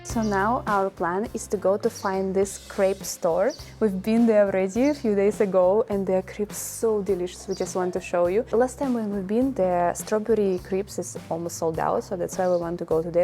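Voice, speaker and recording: Mellow-voiced young woman chatting on a vlog. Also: medium pitch. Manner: warm, simple non-native phrasing. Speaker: travel vlogger. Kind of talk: casual vlog chat.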